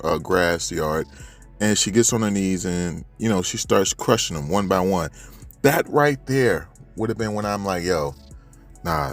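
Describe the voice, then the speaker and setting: Slangy animated man recapping manga. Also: lowish voice. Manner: animated, slangy, talks straight to viewers. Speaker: manga reviewer. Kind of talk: casual chapter recap.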